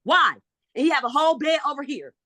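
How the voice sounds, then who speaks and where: Frustrated woman arguing her case to a judge, bright sharp voice, keeps repeating herself. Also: high voice, lively intonation, fast, dry recording. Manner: agitated, pleading, repeats herself. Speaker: parent in a custody hearing. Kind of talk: emotional courtroom testimony.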